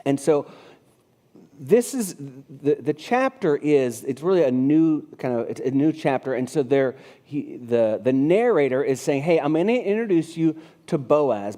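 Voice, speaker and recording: Male pastor, fifties, mellow tone, casual sermon delivery with frequent restarts. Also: a little high. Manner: conversational, restarts phrases, reads scripture aloud. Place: church sanctuary.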